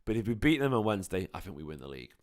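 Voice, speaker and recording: Passionate tired football fan. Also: male voice, deep voice, sing-song, racing, darkish tone. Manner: passionate, swearing, rambling. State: tired, voice going. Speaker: football fan channel host. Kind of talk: casual live match reaction.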